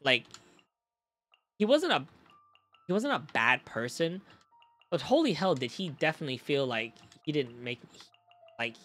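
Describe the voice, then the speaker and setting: A young man streaming in a casual chat, telling stories in an animated way, swearing freely and talking to his chat. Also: medium pitch.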